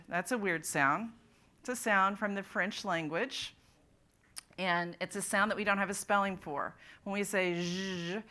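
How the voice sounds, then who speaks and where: A woman's voice: medium pitch, a bit bright. A woman presenting a literacy workshop at a conference, explaining speech sounds and prompting the audience to repeat them. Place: conference room.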